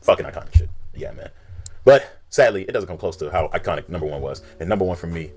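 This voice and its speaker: Rapid-talking young man recapping wrestling. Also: deep voice, soft background music. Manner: rapid, animated retelling with slang. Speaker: video creator. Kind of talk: casual countdown commentary.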